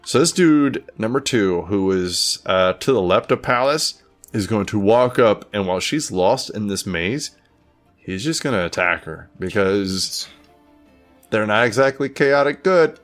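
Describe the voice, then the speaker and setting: A man running a tabletop game as game master, animated and playful, swearing when rolls go badly. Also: fairly low pitch, a little slow, faint music behind.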